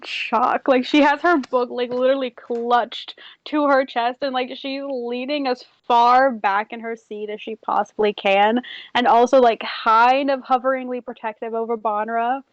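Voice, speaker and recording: A woman's voice: on the high side, steady tone, normal speed, no echo, lo-fi sound. A woman playing a tabletop game, describing her character in a chatty way full of fillers. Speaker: player. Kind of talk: casual chat.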